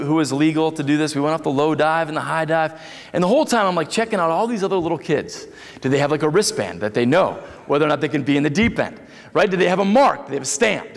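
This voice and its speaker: A man's voice: high-pitched, a bit bright. A man in his thirties, a pastor giving a sermon, telling a story with jokes and asides to the congregation. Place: church sanctuary. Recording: long reverb of a church hall.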